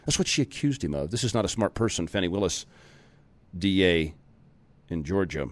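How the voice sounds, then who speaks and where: A man hosting a political talk show, delivering a sarcastic, animated monologue that rises into emphatic outbursts. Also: lowish voice, brisk, pauses often, no echo.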